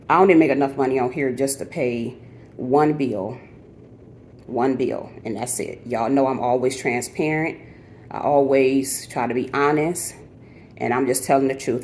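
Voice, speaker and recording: A woman's voice: rumbling low, darkish tone, a little hiss or hum. A middle-aged woman vlogging from her apartment, talking earnestly and directly to her viewers about feeling tired and frustrated. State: weary and frustrated. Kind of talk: candid personal vlog.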